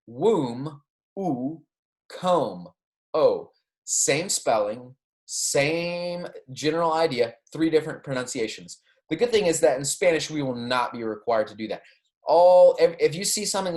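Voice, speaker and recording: A man delivering a recorded classroom lecture. He speaks patiently, repeating each word so students can echo it, and keeps checking in with "okay" and "right". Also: mid-range voice. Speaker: Spanish teacher.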